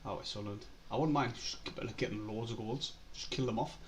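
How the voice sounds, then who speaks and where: A man's voice: fairly low pitch, fast, a little hiss or hum. Man, co-host, casual chat and match calls, laughs a lot. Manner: laughs often, says "aye" and "like". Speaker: co-host of a fan live stream.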